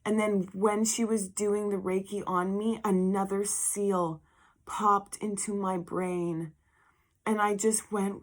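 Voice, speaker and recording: A woman doing a tarot reading in an emotional spiritual vlog, reading card text slowly and breaking into heartfelt asides. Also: medium pitch, level tone. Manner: murmured affirmations. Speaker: tarot reader.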